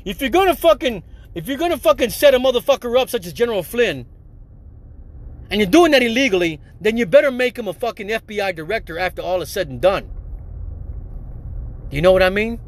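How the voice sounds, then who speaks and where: A man's voice: expressive, fairly quick, pauses often. A man hosting a solo podcast, ranting angrily with heavy swearing and repeatedly addressing his listeners as folks. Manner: angry, profane, ranting; repeats "folks", drops low on it. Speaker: podcast host.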